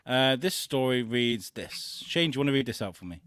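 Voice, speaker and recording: A man's voice: mid-range voice, animated, fairly quick, a bit bright, no echo. A man co-hosting a comedy podcast, bantering crudely and joking around. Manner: crude, jokey, puts on silly voices. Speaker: co-host.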